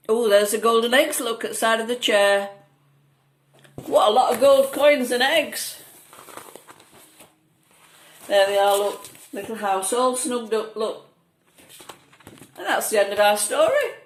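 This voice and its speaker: A woman reads a children's picture book aloud, gentle and coaxing as she points out the pictures. Her voice sounds echoey in the room. A faint hiss sits under it. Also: medium pitch, expressive, moderate pace. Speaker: storyteller.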